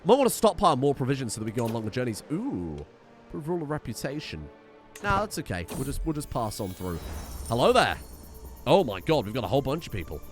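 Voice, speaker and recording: A man's voice: medium pitch, sing-song, fast talker, soft background music. Chatty man commenting on a strategy game. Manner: chatty, thinking aloud, reads game text. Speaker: gaming video host.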